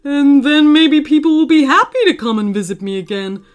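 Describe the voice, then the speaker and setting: A woman voicing a lonely, gentle big hairy male monster who stammers a little and sounds nervous and fond. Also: sits high, expressive, fairly quick, faint music behind. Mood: warm, bashful.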